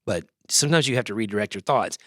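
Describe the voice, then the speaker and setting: A man's voice: on the low side, animated, quick pace, fairly bright tone, no room sound, clean studio sound. A man with a Southern US accent, a podcast guest, talking in a rambling, self-deprecating way. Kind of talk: casual podcast chat.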